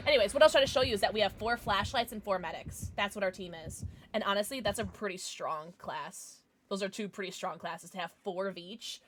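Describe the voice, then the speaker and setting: A woman's voice: mid-range voice, fairly quick, a little hiss or hum. Blunt, chatty young woman streamer. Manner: chatty, frank, talks straight to her viewers; blunt and irritable, swears. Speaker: game streamer. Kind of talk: casual livestream chat.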